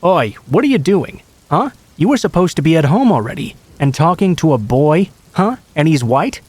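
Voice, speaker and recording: A man voicing an angry older Filipino mother who scolds her child loudly, with a heavy put-on Filipino accent. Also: a little high, big pitch swings, moderate pace, slightly rough, no echo, pitched above the performer's own voice. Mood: scolding.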